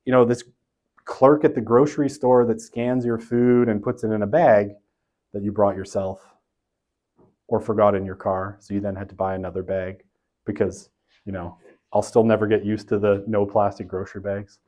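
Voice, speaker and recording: A man's voice: lowish voice, level tone, moderate pace, a little mellow. A man giving a university lecture in a loose, conversational way, often checking in with his listeners. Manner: conversational, tags points with "right?".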